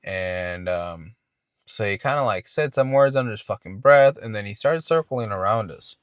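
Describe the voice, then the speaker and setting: A man's voice: on the low side, expressive, moderate pace, smooth, dry recording, studio quality. A man hosting a podcast and telling a casual, rambling story, swearing often and restarting his words. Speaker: podcast host.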